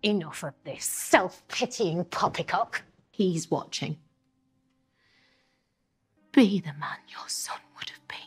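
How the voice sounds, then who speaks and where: An actress playing a brisk, no-nonsense woman in a film. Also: on the low side, lively intonation, slightly rough, in a whisper, faint music behind, exaggerated voice. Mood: firm.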